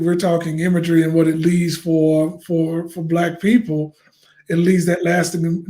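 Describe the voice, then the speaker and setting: A man's voice: high voice, a little mellow. A man co-hosting a casual movie review, speaking passionately and repeating words as he builds his point. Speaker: co-host.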